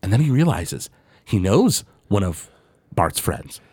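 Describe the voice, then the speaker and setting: A man's voice: fairly low pitch, husky, no room sound, clean studio sound. A man co-hosting a podcast, chatting casually with many fillers and recapping a cartoon episode. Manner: animated, many fillers, jumps into quick character impressions. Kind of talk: casual chat.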